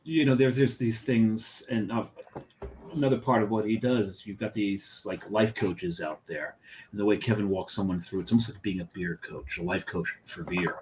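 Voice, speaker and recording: A man co-hosting a casual beer podcast, telling a story in an animated way. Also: lowish voice, moderate pace, a little hiss or hum. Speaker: podcast co-host.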